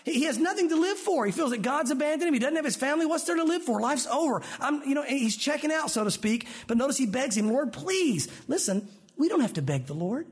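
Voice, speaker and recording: A man preaching a sermon as pastor, animated, acting out the voices of Bible figures. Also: very high-pitched, fast talker.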